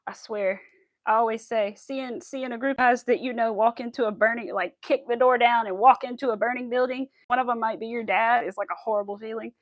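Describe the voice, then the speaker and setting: Chatty, higher-pitched woman crafting on stream. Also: steady tone, a little fast, no room sound. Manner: chatty and giggly, talking to viewers while crafting. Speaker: crafting channel host. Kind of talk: casual crochet livestream chat.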